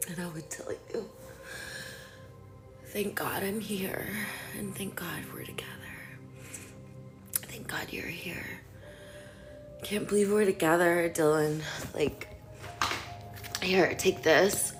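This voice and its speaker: A mother pouring out an emotional monologue to her absent son, halting and often dropping to a whisper. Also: lowish voice.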